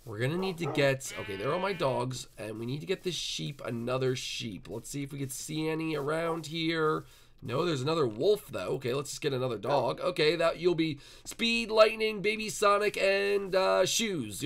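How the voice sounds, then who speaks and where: A man hosting a Minecraft roleplay video, chattering excitedly and coaxing the game animals along. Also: medium pitch. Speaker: gaming channel host.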